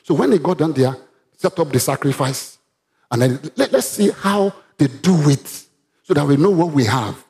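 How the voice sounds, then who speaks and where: A man with a Nigerian accent preaching a sermon, reading Bible verses aloud and breaking into sudden loud, animated rises. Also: on the high side, moderate pace, vocal fry. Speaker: pastor.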